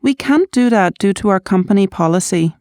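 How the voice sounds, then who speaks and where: Female reader for language drills, clear and careful, dry close sound. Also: medium pitch, animated, fairly quick, dark tone, no room sound. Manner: clear, careful delivery of polite requests. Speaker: reader of practice sentences. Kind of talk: reading English practice sentences.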